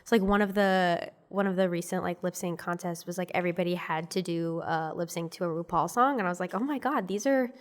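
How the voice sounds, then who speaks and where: A woman's voice: lowish voice, fairly even intonation, a little fast, hardly any pauses. A woman comedian guesting on a podcast in a studio, chatting casually with lots of fillers. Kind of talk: casual chat.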